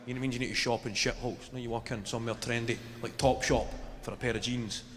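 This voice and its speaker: A young Scottish man doing a stand-up routine, telling dry stories and chuckling at his own lines, with a live audience laughing loudly. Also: medium pitch, little pitch movement, rapid-fire, slight background noise. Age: young adult. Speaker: stand-up comedian. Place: comedy stage before a live audience. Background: roaring crowd laughter.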